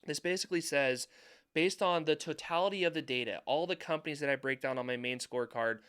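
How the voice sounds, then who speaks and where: Clear-voiced man talking stocks. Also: a little high, fast, a bit bright. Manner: emphatic, repeats points for stress. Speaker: finance YouTuber. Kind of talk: market commentary over charts.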